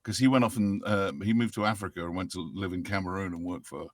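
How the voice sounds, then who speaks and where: A middle-aged man born in France, telling family stories in a relaxed interview chat with a big booming voice. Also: fast talker, dry recording. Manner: storytelling with playful voices for family members. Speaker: guest actor. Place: podcast studio.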